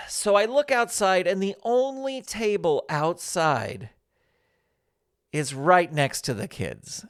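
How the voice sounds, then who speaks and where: A man in his fifties speaks slowly in a high-pitched voice as he hosts a podcast. His casual monologue is a chatty, self-deprecating story, and he becomes lively when quoting other people.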